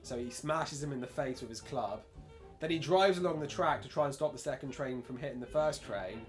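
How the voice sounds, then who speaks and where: A man's voice: medium pitch, a little fast, faint music behind. A man co-hosting a casual film review chat, leading the talk in a dry, teasing way. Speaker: podcast co-host.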